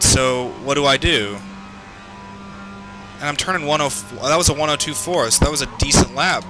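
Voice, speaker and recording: A man commentating his own sim race, swearing and yelling at other drivers, his heart racing. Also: medium pitch. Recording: game music underneath. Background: game music and engine noise.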